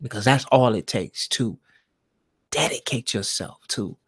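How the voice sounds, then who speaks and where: Man, slow unhurried delivery, meditative live-stream monologue, drops to near-whisper, medium pitch. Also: breathy edge. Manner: slow, drawn-out, swings between loud emphasis and near-whisper. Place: alone at home.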